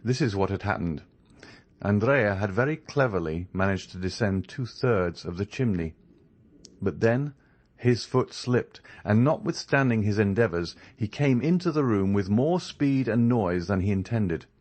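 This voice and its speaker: A man narrating a classic novel as an audiobook, in an expressive, measured storytelling manner. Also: fairly low pitch. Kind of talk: scripted narration.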